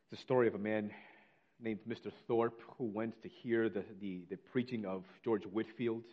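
A man preaching a sermon, reading scripture slowly and telling a story with earnest feeling. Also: fairly low pitch, fairly even intonation, dull audio. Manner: earnest preaching, slows on scripture, drops to near whisper. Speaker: pastor.

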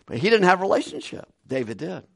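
A man preaching a conversational Bible study sermon with animated delivery and frequent chuckles. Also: high-pitched, fast talker, gravelly, husky, no room sound, clean studio sound. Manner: conversational, animated, laughs between points.

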